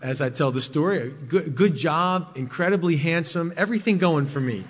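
A man preaching in a large church sanctuary, his slightly high voice trailing off into a long hall reverb. He tells stories from the pulpit, building to loud, emphatic peaks and then dropping to soft, intimate asides. It sounds like a live sermon. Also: animated, moderate pace, few pauses. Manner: storytelling preacher, swings between loud emphasis and quiet intimacy. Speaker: pastor.

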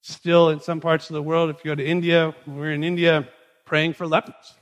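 A male pastor preaching a sermon in a conversational, animated storytelling manner, recorded in a large hall. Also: fairly high pitch, moderate pace. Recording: long reverb in a large hall.

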